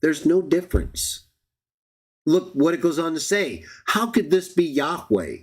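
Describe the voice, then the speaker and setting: A man's voice: on the high side, very animated, measured pace, a little mellow, breathy edge. A man hosting a live-streamed Bible study, reading verses aloud and arguing his point with rhetorical questions to the viewers. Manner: argumentative, addresses viewers as everybody, rhetorical questions.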